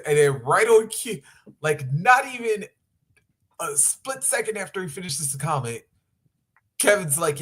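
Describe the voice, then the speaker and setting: Man, bright edgy voice, fairly high, animated, casual podcast chat, quick agreements. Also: breathy edge. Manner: quick agreeing interjections, eager storytelling. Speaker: podcast co-host.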